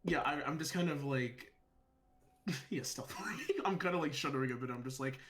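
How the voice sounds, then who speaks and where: Nervous hushed male player. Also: a little high, normal speed. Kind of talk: tabletop role-play.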